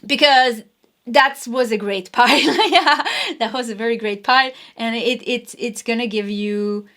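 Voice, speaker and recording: Chatty higher-pitched woman tarot reader. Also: measured pace. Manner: chatty, rambling, frequent "you know" and soft laughs. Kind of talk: casual spoken tarot reading.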